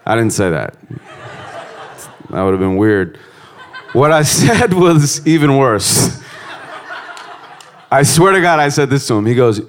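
Lively stand-up comic telling airport stories. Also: male voice, mid-range voice, a little slow, pauses often, a little hiss or hum. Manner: shifts between hushed reflective musing and loud punchlines; profane, conversational storytelling. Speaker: stand-up comedian. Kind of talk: stand-up comedy set.

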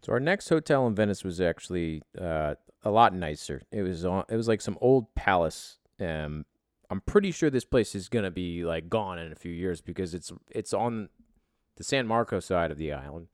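A man's voice: low voice, animated, normal speed, no echo, studio quality. A man telling a rambling travel story in a profane, self-deprecating, casual way.

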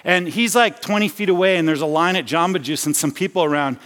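A pastor delivers a sermon at a quick pace in a fairly high, slightly bright voice, his words echoing through a spacious church sanctuary. His style is conversational, with frequent restarts and stories from his own life.

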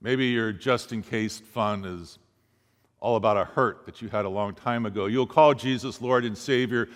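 A man with a lowish, fairly bright voice preaches as a pastor, telling a story and acting out the voices of its characters. The recording carries a long hall reverb.

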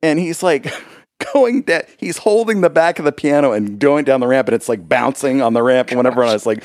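A man's voice: mid-range voice, lively intonation, brisk, a little mellow, no echo, clean studio sound. A man, a musician guest on a podcast, telling a rambling story in casual chat with frequent laughs.

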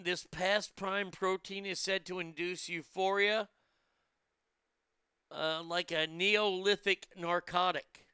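A man's voice: sits high, pushed and bright, smooth, no room sound, clean studio sound. A man hosting a crude comedic news commentary, brash and profane, mocking the stories he reads. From United States.

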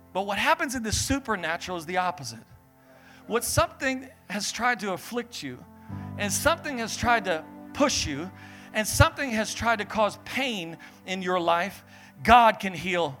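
High, bright-voiced energetic young preacher man. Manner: animated, acts out Bible figures and family members in quick voices. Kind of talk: energetic sermon.

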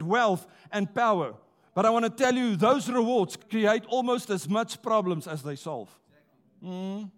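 Speaking in a strikingly high voice, a man gives a sermon in church, drawing the congregation into call-and-response. He draws out his key words, and his delivery is rousing and forceful.

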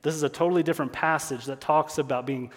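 A man's voice: fairly high pitch, fairly even intonation, quick pace, in a large hall. A male pastor preaching a sermon, driving points home by repeating key lines and asking rhetorical questions.

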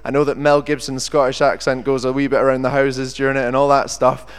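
Young British preacher in an echoing hall. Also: male voice, medium pitch, fast talker, clean tone. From Britain. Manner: lively, chatty, jokey asides. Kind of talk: sermon with scripture reading. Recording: long hall reverb.

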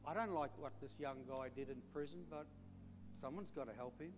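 A man's voice: on the high side, fairly quick. A middle-aged Australian man preaching a sermon in a folksy storytelling way, calling his listeners mate and friends. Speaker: pastor. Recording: echoey hall with faint hum.

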